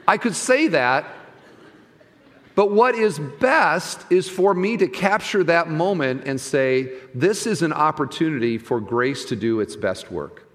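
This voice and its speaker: A middle-aged man preaching a sermon as pastor, conversational, swinging from soft asides to loud emphasis. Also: a little high, expressive, measured pace, long reverb tail. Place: church sanctuary.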